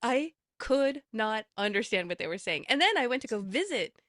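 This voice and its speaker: Bright-voiced woman chatting eagerly. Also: on the high side, big pitch swings, moderate pace, dry recording, clean studio sound. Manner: eager, talks with lots of fillers and restarts. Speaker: podcast guest. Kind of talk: casual chat.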